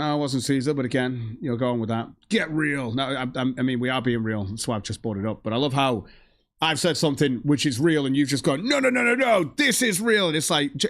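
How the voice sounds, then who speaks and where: A man's voice: mid-range voice, dry recording. Man ranting on stream, heated, profane, combative, dry close sound, mid voice. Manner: reads out viewer donations. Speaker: stream host. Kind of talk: ranting livestream commentary.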